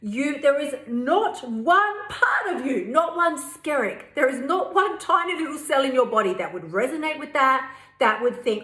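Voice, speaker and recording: A woman's voice: fairly high pitch, animated, normal speed, bright, forceful tone. A woman hosting her own podcast, chatty and frank, with slang and swearing. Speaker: podcast host. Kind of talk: energetic solo podcast talk. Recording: roomy echo.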